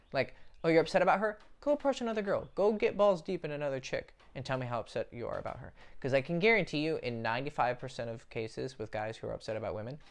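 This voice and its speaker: Man, young adult, dating coach, blunt, profane, casual advice monologue, medium pitch. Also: vocal fry. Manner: blunt and profane, talks straight to the viewer.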